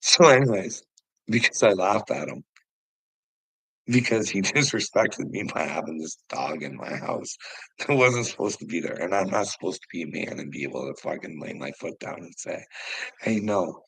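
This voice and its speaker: Gravelly, heated middle-aged man ranting. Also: low voice, expressive, normal speed, fairly bright tone, no room sound, low-quality recording. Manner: heated, profane, laughs often. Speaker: livestream host talking to chat. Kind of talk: casual livestream rant.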